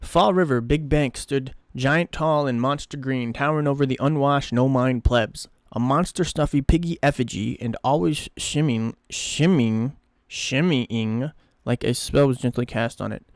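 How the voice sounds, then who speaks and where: A man's voice: mid-range voice, unhurried, few pauses, no echo, studio quality. A man casually reading a story aloud on a live stream, swearing and stumbling over words now and then.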